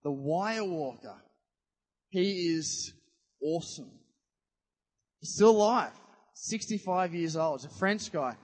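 A man preaches in a lively, chatty way, throwing questions out to the congregation. His voice sits high for a man. It rings with a long reverb from the church hall he speaks in. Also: takes it slowly, pauses often, husky. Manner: animated, conversational, quizzes the congregation. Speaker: pastor. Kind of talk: sermon.

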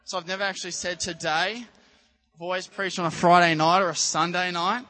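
A man's voice: high-pitched, little pitch movement, fairly quick, sharp tone, big-room sound. A man preaching as a youth pastor in a church, earnest and rambling, with many restarts. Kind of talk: sermon.

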